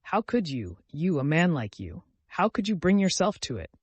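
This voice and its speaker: A man's voice: a little high, very animated, normal speed, slightly rough, no echo, pitched above the performer's own voice. A man voicing a timid young woman who pleads in bewilderment. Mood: bewildered.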